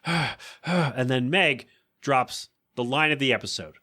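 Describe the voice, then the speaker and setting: Man host, casual recap, bright forceful voice, does silly character voices. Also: mid-range voice, normal speed. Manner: chatty, acts out quoted lines in funny voices. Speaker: podcast host.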